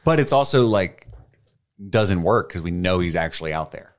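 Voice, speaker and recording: Very deep-voiced man chatting casually. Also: lively intonation, moderate pace. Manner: wry, chatty, self-deprecating. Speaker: podcast co-host. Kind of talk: casual chat.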